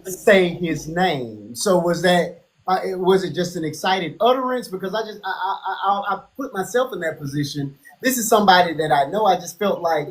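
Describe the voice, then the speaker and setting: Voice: mid-range voice, normal speed, poor audio. A host of a live-streamed interview, talking in a hesitant way and often stammering and repeating words.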